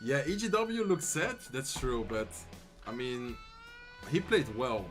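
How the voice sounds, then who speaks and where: A Dutch man streaming live, calling an esports match in English with a Dutch accent, then answering chat in a relaxed, friendly way. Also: mid-range voice, faint music behind. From Netherlands. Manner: excited fast play-by-play calls that give way to relaxed, soft chat replies. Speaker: streamer and tournament caster.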